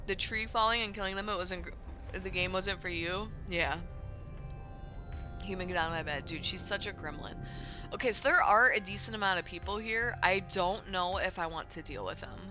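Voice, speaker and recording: Gaming on a home livestream, a young woman answers her chat in a casual, rambling way, full of fillers and frequent swearing. She talks at a moderate pace in a sharp, mid-range voice over soft background music.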